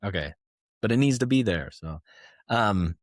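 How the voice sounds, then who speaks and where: A man's voice: fairly low pitch, expressive, normal speed, dry recording, studio quality. A man talking candidly as a podcast guest, a touring family musician rambling through stories with many restarts. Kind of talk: casual podcast conversation.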